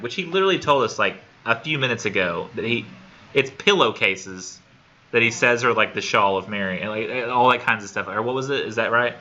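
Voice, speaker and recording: A man teaching a college English class in a casual, animated lecture with many fillers. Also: fairly low pitch, moderate pace, lo-fi sound.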